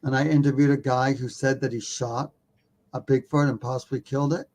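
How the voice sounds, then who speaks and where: A man in his usual middle-pitched voice spins a story as a podcast guest, lively and casual. He pokes fun at himself and drops a curse word here and there without a second thought. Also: brisk. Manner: animated, self-mocking, swears casually. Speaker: podcast guest, documentary filmmaker.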